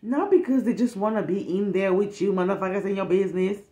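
A woman telling a story from her work with kids in a blunt, profane, animated way, acting out the lines of other people. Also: mid-range voice, fast, hardly any pauses, highs cut off. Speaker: storytime vlogger who works with kids. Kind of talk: casual storytime monologue. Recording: roomy echo.

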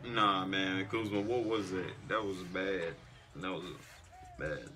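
A young man giving an excited, casual reaction to a basketball game, repeating exclamations and ending his lines with "man" and "bro". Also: low voice, slow pace. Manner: hyped, repetitive exclamations, trailing "man" and "bro". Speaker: sports reaction vlogger. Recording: faint music behind.

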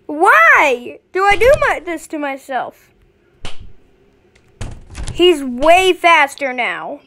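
High-voiced excitable woman gamer. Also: extremely slow. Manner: excitable, panicky, yelling in fright. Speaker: gameplay commentator. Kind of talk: let's play commentary.

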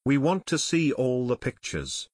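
A man's voice: medium pitch, very animated, unhurried, darkish tone, no echo. Guy reading as a young sleuth, firm and demanding, plain dry audiobook voice. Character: determined young male amateur detective.

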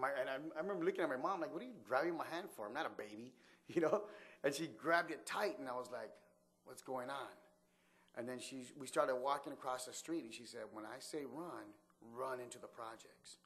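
A man telling a personal story from his childhood in a casual way, often restarting and laughing. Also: on the high side.

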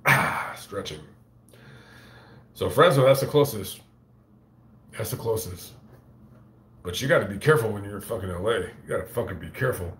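A lowish, fairly bright male voice comes through reverberant audio at normal speed, with frequent pauses. He is a YouTuber casually telling a story to camera and reading chat, swearing freely, rambling, and stammering through repeated restarts.

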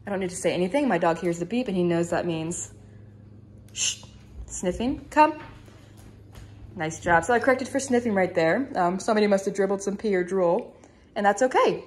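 A woman dog trainer giving a calm, matter-of-fact demonstration inside a house, explaining to viewers between brisk praise for her dog. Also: mid-range voice. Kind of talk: instructional demonstration.

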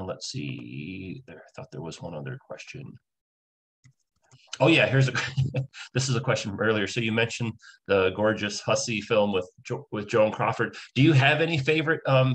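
A man hosting an online talk, moderating the questions in a casual, relaxed way over a video call. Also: lowish voice. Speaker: event host and moderator.

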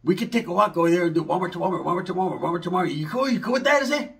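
A man's voice: high voice, expressive, very fast, vocal fry, a bit bright. A man doing a rambling, slangy comedy monologue, mixing in Spanish words.

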